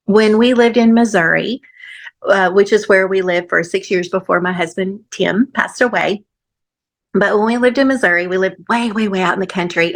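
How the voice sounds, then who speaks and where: Middle-aged woman, podcast host, lively storyteller who acts out the voices of others and laughs often, mid-range pitch. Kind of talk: personal storytelling.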